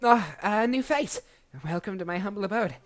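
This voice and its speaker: A man's voice: high-pitched, lively intonation, normal speed, faint music behind, pitched above the performer's own voice. A man voicing a tiny, dramatic male goblin lore keeper with a put-on English accent. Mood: grand welcome. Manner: theatrical, swings from hushed to yelling.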